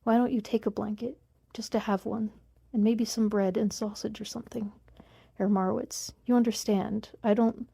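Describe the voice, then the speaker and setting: A woman's voice: fairly high pitch, steady tone, moderate pace, creaky, slightly rough, no room sound, heavily acted. A woman voicing a kind, courteous older male police inspector in a read-aloud book. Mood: polite. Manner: polite, gentle.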